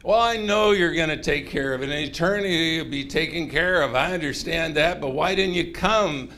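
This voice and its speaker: A woman's voice: sits low, moderate pace, a bit bright, slight background noise. A man voicing a grieving woman in a sermon, pleading and scolding with exasperated questions.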